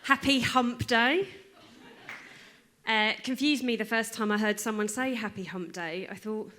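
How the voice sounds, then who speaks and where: A woman doing a chatty stand-up set, swearing casually and dropping into quieter asides. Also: fairly high pitch, steady tone, a little slow. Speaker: stand-up comedian.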